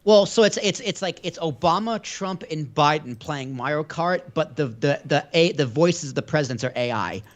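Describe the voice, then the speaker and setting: A man's voice: on the high side, animated, moderate pace, few pauses. A man co-hosting a podcast, rambling and stammering through a laughing casual chat. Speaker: podcast co-host.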